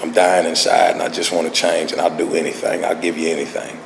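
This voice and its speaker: A man playing a hushed, desperate drunk. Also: fairly low pitch, fast, background noise, natural voice. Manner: hushed, pleading. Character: desperate, pleading man in ruin. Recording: echoey hall with long reverb.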